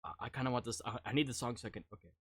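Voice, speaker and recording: A man casually talking through a live-stream reaction, teasing his viewers, laughing and jumping suddenly from quiet to loud. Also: medium pitch, rapid-fire, husky, no echo. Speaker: streamer reacting to music videos.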